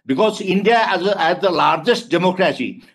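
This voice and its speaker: A man from Nepal speaking as a webinar panelist over a video call, halting and searching for words, posing rhetorical questions. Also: high voice, animated, a little hiss or hum. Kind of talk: panel discussion remarks.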